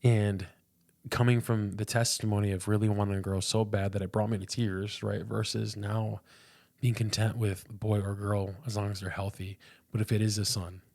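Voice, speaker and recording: A man's voice: fairly low pitch, flat delivery, moderate pace, gravelly, a little mellow. A young man and pastor, a podcast guest, telling a personal faith story in an earnest, casual way, often repeating words and saying "dude".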